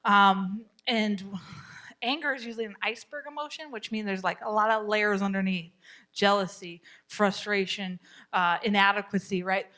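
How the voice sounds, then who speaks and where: Woman, middle-aged, warm chatty class leader, laughs easily and acts out quotes, medium pitch. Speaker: parenting class teacher. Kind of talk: teaching a class to a live group. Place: church meeting room.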